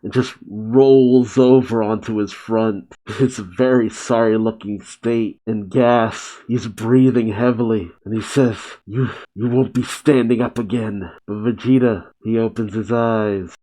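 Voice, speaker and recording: A man hosting a comic reaction, reading a chapter aloud with relaxed commentary and frequent laughs. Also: fairly low pitch, takes it slowly, few pauses, poor audio.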